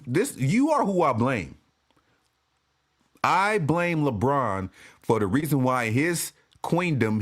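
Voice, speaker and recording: A man ranting as a sports fan commentator, profane and animated, often restarting and repeating himself. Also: mid-range voice. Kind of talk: ranting vlog.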